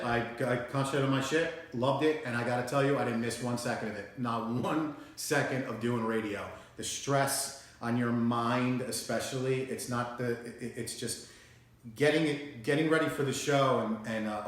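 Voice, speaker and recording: A man in his thirties hosting his own solo show, talking bluntly and profanely in a rambling casual monologue full of restarts. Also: mid-range voice. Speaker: show host. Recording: very echoey room.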